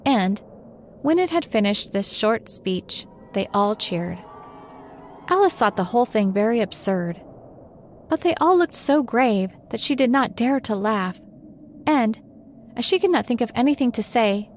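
A woman's voice: a little high, a little hiss or hum. Woman reading a storybook aloud.

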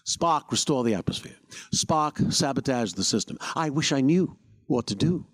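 A man doing an impression of a famous veteran actor who is grand and touchy, speaking in halting phrases with dramatic pauses. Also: mid-range voice, expressive, voice pushed up, close to an everyday voice.

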